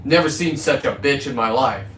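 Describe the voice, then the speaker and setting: A man's voice: mid-range voice, normal speed, fairly bright tone, roomy sound, slight background noise. Boisterous, profane middle-aged man livestreaming. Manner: profane, boisterous, jumps between topics. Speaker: livestreaming content creator. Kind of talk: rambling casual livestream.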